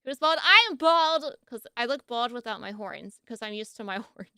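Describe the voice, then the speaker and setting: A woman's voice: fairly high pitch, animated, moderate pace, bright, forceful tone, smooth, dry recording, clean studio sound. A woman streamer in casual live-stream chat, playful and jokey, laughing often and yawning sleepily.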